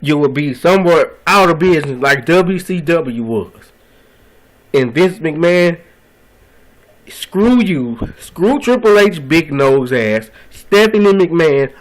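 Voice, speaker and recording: Male vlogger, fed-up ranter, fairly high voice, repetitive and profane. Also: low-quality recording. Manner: frustrated, repetitive, profane outbursts. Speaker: vlogger ranting about wrestling. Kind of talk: angry video rant.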